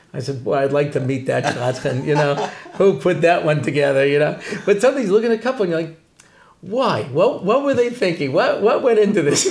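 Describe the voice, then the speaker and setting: A man's voice: fairly high pitch, vocal fry. A man, a rabbi and Torah teacher, telling stories in an interview with lots of jokes and laughter. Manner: joking, animated, laughs often. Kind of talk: humorous interview talk.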